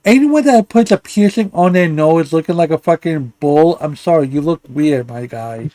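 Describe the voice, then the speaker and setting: A man's voice: a little high, expressive, moderate pace, few pauses, dark tone, no room sound. A man hosting a live commentary stream, ranting in a profane, insulting way and stumbling over restarts. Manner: angry, insulting, stammers and restarts. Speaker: livestream commentary host.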